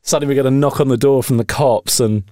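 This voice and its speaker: A man's voice: mid-range voice, steady tone, fast talker, a loud crowd. A man in his thirties with a New Zealand accent, telling stories and jokes as a podcast co-host. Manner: chatty storyteller, laughs often, crude humor. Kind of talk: casual chat.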